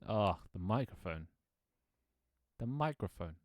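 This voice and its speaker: A man's voice: fairly low pitch, expressive, a little slow, a little mellow, dry recording, clean studio sound. A man in his twenties chatting casually on a live stream, rambling, laughing often and joking about himself with casual swearing. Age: 20s. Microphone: desk microphone.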